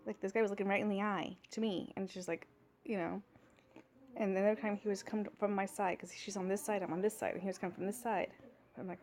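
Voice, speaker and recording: A woman's voice: mid-range voice, quick pace, darkish tone. A woman in her thirties telling a workplace story in a casual vlog, exasperated and ranting, acting out what others said. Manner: exasperated, ranting, acts out quoted dialogue. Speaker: vlogger.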